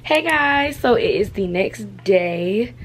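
A woman's voice: medium pitch, lively intonation, slow pace, music in the background. A young woman chatting casually to her camera at home, full of slang and "y'all". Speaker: vlogger.

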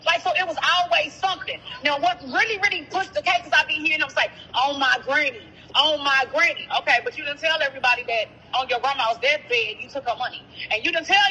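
A woman calls in to an interview and tells her story bluntly, with plenty of profanity. Her voice sits high and sounds sharp and bright, and she acts out what other people said. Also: slight background noise, poor audio. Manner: blunt, profane, animated storytelling with quoted dialogue. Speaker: caller, sister of the rapper discussed. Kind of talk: phone-in interview, heated storytelling.

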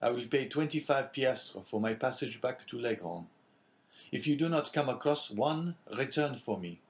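A man's voice: mid-range voice, animated, moderate pace, voice pushed up, close to an everyday voice. A man doing a stubborn wounded sailor. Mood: insistent. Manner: insistent, somewhat raised over the narration. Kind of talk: audiobook character reading.

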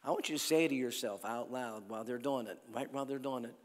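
An evangelist preacher at a healing crusade tells stories, swinging from loud calls to the crowd to hushed lines. His mid-range voice moves fast, carried by long hall reverb.

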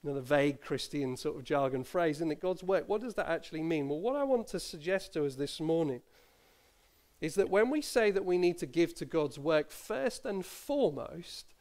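Chatty preacher, slightly high voice. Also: male voice, expressive, moderate pace, darkish tone. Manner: conversational, self-deprecating, with asides and small laughs. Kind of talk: sermon. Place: church.

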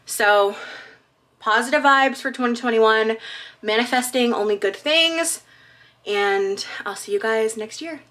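A woman's voice: on the high side, a little slow, fairly bright tone. A woman vlogger chatting casually and reading holiday cards aloud, gushing and emotional.

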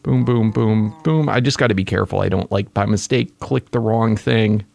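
Excitable gravelly man gaming. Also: lowish voice, normal speed. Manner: excitable, exclaims at creatures. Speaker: let's play gamer. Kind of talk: casual gaming commentary.

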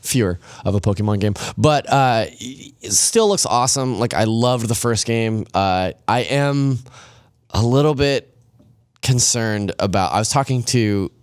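A man on a gaming podcast panel, relaxed and wry, thinking aloud about his play time. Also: mid-range voice, a little slow, clear, resonant tone, no room sound, studio quality. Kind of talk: casual gaming podcast chat.

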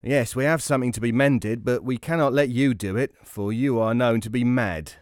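A man's voice: medium pitch, moderate pace, no echo, clean studio sound, lightly acted. A man voicing suspicious, sneering countrymen in a storybook tale. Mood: scornful. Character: suspicious, mocking adult male countrymen.

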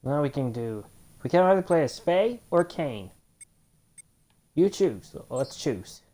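A man's voice: a little high, sing-song, takes it slowly, warm tone. A man doing casual let's play commentary, swearing and muttering at the game. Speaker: gamer.

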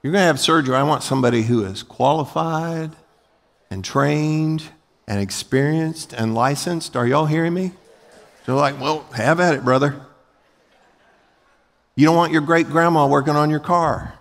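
Emphatic pastor preaching in a hall. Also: male voice, a little high, normal speed, vocal fry. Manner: emphatic, rising to loud peaks; folksy, acts out short everyday scenes. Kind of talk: sermon. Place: large church sanctuary. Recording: long hall reverb.

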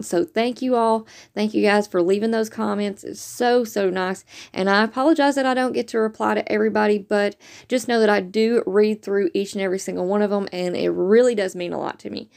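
A woman hosting a couponing video, chatty and upbeat, her voice a little raspy from losing it, saying y'all a lot. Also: medium pitch, a little mellow. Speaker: couponing channel host. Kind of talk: casual video chat to viewers.

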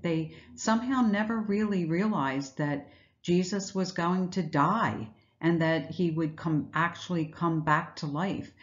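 A woman's voice: fairly low pitch, muffled recording. A woman giving an Easter sermon, retelling scripture in a reflective storytelling way with rhetorical questions. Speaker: speaker giving an Easter message.

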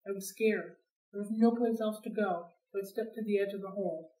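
A woman reading a novel aloud for a library read-along, in an expressive, steady storytelling manner. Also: mid-range voice, fairly quick. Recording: roomy sound, distant from mic.

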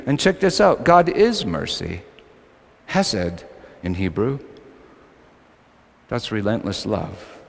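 A male pastor preaching a sermon, swinging between loud, emphatic lines and quiet, low asides. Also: very animated, takes it slowly, creaky, pauses often. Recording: long hall reverb.

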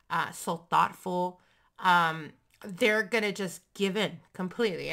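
A young adult woman runs a loose, chatty tarot reading with a lowish voice. Her tone is bright and forceful, and she speaks frankly, dropping the odd swear word as she goes. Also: creaky. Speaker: tarot reader. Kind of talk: casual tarot reading monologue.

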